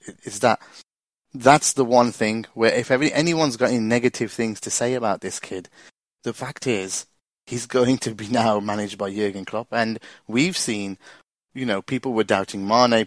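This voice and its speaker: A man's voice: on the low side, no room sound. A man with a Liverpool accent hosting a casual fan chat, enthusiastic and repeating himself. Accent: Liverpool English. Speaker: host.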